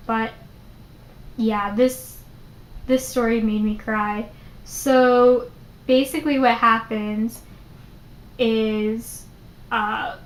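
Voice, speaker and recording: Young woman, bright higher voice, chatty vlog reviewer, loose and animated, lots of "like". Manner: chatty, many "like" fillers, animated retelling. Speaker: book reviewer. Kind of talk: casual book review vlog. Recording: roomy echo.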